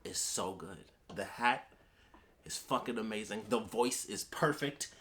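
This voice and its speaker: A man talking casually and excitedly as a video reviewer, rambling and trailing off, with the odd swear word. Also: on the low side, unhurried, a little hiss or hum. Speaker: YouTube reviewer.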